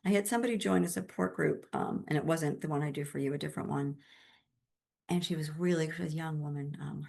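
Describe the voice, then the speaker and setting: A woman speaks in a low, slightly gravelly voice, talking as a grief support specialist in an interview. Her manner is emphatic yet gentle, and she keeps it conversational. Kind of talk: interview answers.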